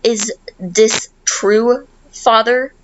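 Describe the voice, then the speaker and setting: A sassy, foul-mouthed young fairy girl, put on by a woman retelling a game, her voice lifted higher than her everyday talk. She speaks with a bratty, snide edge. The sound is a little dull and muffled. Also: extremely slow. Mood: indignant.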